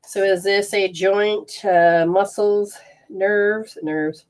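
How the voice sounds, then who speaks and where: A woman with a mid-range voice and fairly even intonation speaks very slowly as she leads a live energy healing session. She rambles, often breaking off mid-sentence, while explaining hands-on techniques.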